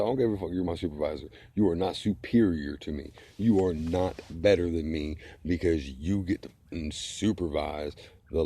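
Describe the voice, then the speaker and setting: A man's voice: very deep voice, gravelly, warm tone. A middle-aged man ranting to camera in a blunt, heated, profane way. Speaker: vlogger. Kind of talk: angry casual rant to camera.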